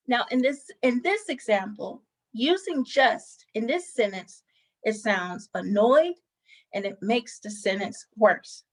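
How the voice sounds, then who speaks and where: Woman trainer, slightly high voice, steady explanatory delivery for a workplace lesson. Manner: measured, explanatory, emphasizes key words. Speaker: customer service trainer. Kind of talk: instructional presentation.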